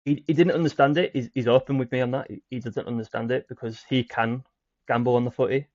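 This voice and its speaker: A young British man telling his own recovery story as a guest, in a halting way with repeated words and many fillers. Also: mid-range voice, steady tone, a little mellow, no room sound. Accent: British English. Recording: dry, muffled audio.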